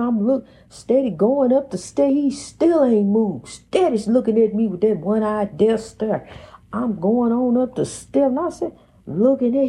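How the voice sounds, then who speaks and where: A woman's voice: mid-range voice, warm tone, slightly rough, poor audio. A woman telling a dramatic story in a casual monologue, emphatic and preachy, often calling the listener honey. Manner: dramatic, emphatic retelling with repetition.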